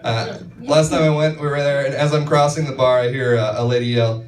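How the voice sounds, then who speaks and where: A man from northern Minnesota doing a stand-up comedy set on a club stage, telling stories deadpan and acting out the quoted voices. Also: mid-range voice, a little fast, hardly any pauses. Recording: echoey club, far-off mic, audience noise.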